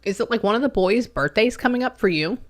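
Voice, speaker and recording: A woman's voice: on the high side, lively intonation, fast. A woman working as a spiritual medium, talking in a chatty, rambling way full of fillers during a casual reading session.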